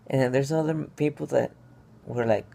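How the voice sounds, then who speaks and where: A man's voice: medium pitch, fairly quick, creaky, dark tone. Rambling, stressed young man telling his story. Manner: rambling and restless, many fillers and restarts. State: stressed and upset. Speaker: vlogger. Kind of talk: casual personal vlog story.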